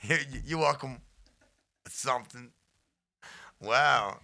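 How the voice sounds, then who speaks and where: A man with a gravelly, very bright voice hosts a raunchy radio talk show. He keeps breaking into laughter and restarting his sentences. He speaks into a studio mic. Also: medium pitch, slow pace. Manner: laughs often, stammering restarts. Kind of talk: crude comedic banter. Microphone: studio microphone.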